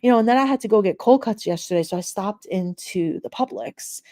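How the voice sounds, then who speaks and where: A middle-aged woman hosts a casual live stream, talking straight to her chat viewers. She rambles through everyday stories, laughs often, and acts out the people in them. Her voice is warm and mellow. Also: mid-range voice, fairly quick.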